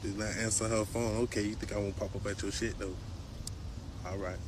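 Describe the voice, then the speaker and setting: A man's voice: lowish voice, level tone, fairly quick, noisy background. A man ranting into his phone with defiant, profane talk. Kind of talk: casual phone video rant.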